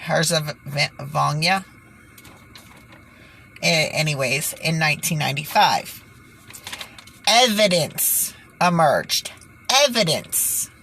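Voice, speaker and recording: Woman, low voice, slow delivery, exasperated, sighing, indignant vlog commentary, faint background hiss. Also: big pitch swings, fairly bright tone. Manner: exasperated, sighing, stumbles over words. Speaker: channel host.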